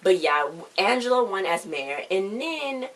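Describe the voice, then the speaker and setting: A woman's voice: medium pitch, very animated, measured pace, a bit bright, low-quality recording. A woman casually recapping a TV episode on her vlog, retelling scenes in a chatty, rambling way. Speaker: TV recap vlogger.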